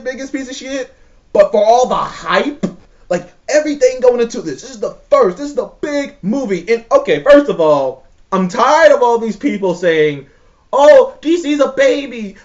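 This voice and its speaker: A high, lively male voice rants in a casual chat, swearing freely and sounding exasperated. He stresses his points hard and swings his pitch up and down as he talks. The recording is a bit dull and lo-fi. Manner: profane, exasperated, emphatic. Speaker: show co-host ranking movies.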